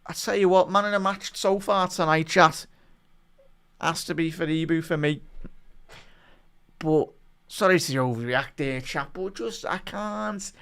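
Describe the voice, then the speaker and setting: A man with a fairly high, smooth voice calls a football match live for his online chat. He is an excitable fan who mutters through quiet spells, then erupts in outrage at refereeing calls. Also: unhurried, long pauses. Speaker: watch-along match commentator. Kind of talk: live fan watch-along commentary.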